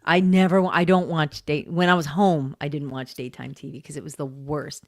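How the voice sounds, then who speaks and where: Woman co-host, low voice, mocking and crude, dry close mic. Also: steady tone, brisk, no echo. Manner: blunt, profane, mocking. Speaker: podcast co-host. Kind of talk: casual chat.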